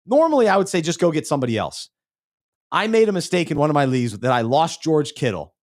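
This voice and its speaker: A man co-hosting a podcast, speaking in a slightly higher register. He talks in a loose, rambling way, stumbles over words and trails off low at the ends of his thoughts. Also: very animated, quick pace. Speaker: podcast co-host. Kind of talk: casual podcast chat.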